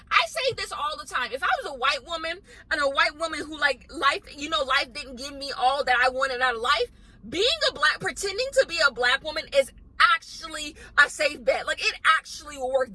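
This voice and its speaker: A woman's voice: high voice, brisk, sharp tone, poor audio. A woman giving a blunt, emphatic ranting commentary as the host of her own vlog, hammering points home by repeating them. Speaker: commentary vlogger.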